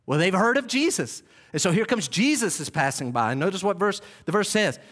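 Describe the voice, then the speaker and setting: Lively, high-voiced preacher man. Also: a little fast. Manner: animated, dramatic storytelling preaching. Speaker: pastor. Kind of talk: sermon.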